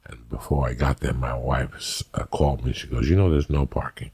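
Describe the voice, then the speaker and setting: Man, deep voice, raspy and gravelly, profane comic storyteller, podcast chat. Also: steady tone, fairly quick, a little mellow. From Cuban-American. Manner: brash, swearing, acts out the people in his stories. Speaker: comedian and podcast guest.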